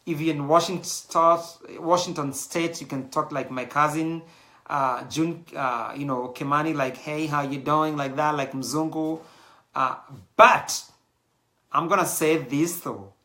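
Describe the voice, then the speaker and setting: A middle-aged man with a Kenyan accent rambles cheerfully through a casual host's monologue, dropping Swahili phrases along the way. His voice sits a touch high and sounds bright and forward. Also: measured pace. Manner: chatty, digressive, mixes in Swahili phrases. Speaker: show host.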